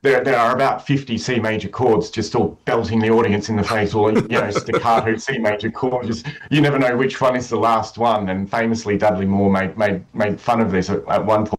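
Enthusiastic man with a rough morning voice. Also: on the low side, steady tone, a little fast, hardly any pauses, rough recording. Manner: enthusiastic, explanatory, with frequent restarts. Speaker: conductor. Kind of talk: radio interview about a concert program.

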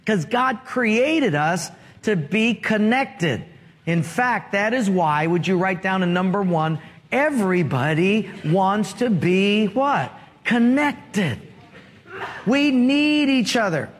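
A man's voice: sits high, lively intonation, slow. A male pastor preaching a sermon, asking rhetorical questions and drawing call-and-response from the congregation. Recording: long reverb of a large hall.

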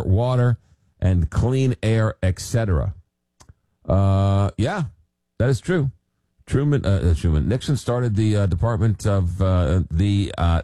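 A man hosting a late-night call-in radio show, his voice low-pitched and mellow. He reads listener messages and banters with callers, often stumbling over uhs and restarts. The studio sound is dry and close. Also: dry recording. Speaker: radio talk show host.

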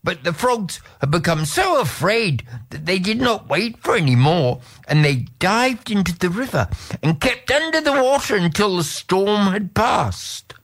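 A man telling a folk tale at an unhurried, deliberate pace. His pitch rises and falls with lively expression as he leads the listener through the story.

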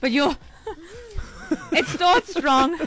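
Lively giggly woman on radio. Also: very high voice, very slow. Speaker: radio show co-host. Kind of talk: on-air banter.

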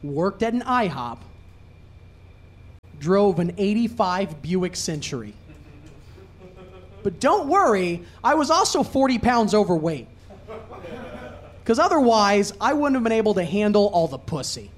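A young adult man doing a stand-up comedy set, swinging from low mutters to loud shouting. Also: big pitch swings, measured pace, pauses often, slight background noise.

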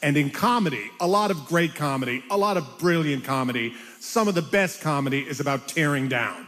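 High-voiced animated comedian in interview. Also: male voice, a little fast, long reverb tail. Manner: animated, self-mocking storyteller. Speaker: comedian guest. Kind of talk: conversational interview storytelling.

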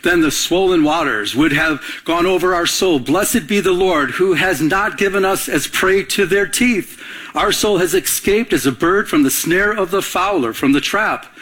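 This pastor's voice sits high and moves at a moderate pace. In his sermon he brings a story to life by playing both parties on a phone call, and he draws responses from the congregation with call-and-response prompts.

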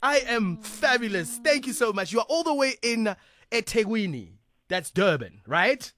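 Playful radio DJ. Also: male voice, sits high, very animated, normal speed, bright, forceful tone. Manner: playful, joking banter. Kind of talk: lively radio show hosting. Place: radio studio.

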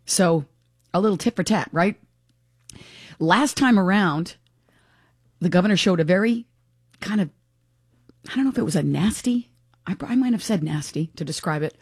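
A woman's voice: medium pitch, a little mellow, dry recording, studio quality. A woman hosting a talk radio show, chatting frankly and giving her opinions in a casual, unscripted way. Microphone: studio microphone.

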